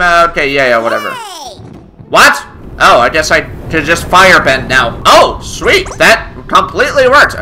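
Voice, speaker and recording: A man hosting a gaming video, giving excited let's-play commentary with loud, reactive exclamations. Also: high voice.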